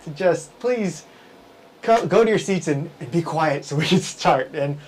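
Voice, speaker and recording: A man's voice: a little high, lively intonation, a little slow, a little hiss or hum, low-quality recording. A man hosting a casual business talk show, rambling with lots of fillers and restarts, working as an event emcee. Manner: rambling, filler-heavy, with frequent self-corrections.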